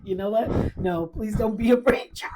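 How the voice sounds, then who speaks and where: A woman's voice: mid-range voice, moderate pace, music in the background. A woman co-hosting a podcast in casual chat, laughing often through playful banter. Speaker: podcast co-host.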